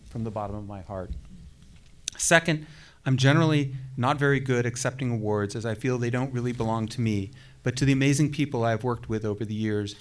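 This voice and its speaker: A man at a commencement ceremony reading a colleague's acceptance remarks aloud, chatty and hesitant, with many fillers. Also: medium pitch. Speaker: faculty colleague reading remarks on another's behalf. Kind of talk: podium speech reading a prepared statement.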